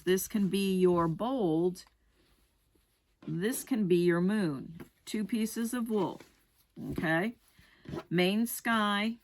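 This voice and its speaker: A middle-aged woman teaching rug hooking, walking through each step in a practical, unhurried way. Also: fairly low pitch. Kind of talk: craft tutorial demonstration.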